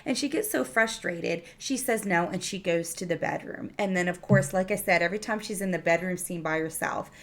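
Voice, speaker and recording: A woman's voice: on the low side, brisk, hardly any pauses. Woman doing a casual tv recap, rambling and chatty, lots of filler. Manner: chatty, full of fillers and restarts. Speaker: TV episode reviewer.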